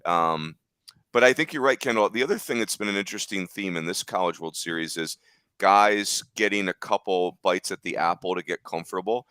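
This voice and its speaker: A man's voice: deep voice, a little fast, bright, forceful tone, no echo. A man hosting a casual sports talk show, jokey and upbeat, teasing his co-hosts as he leads the discussion. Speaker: podcast host.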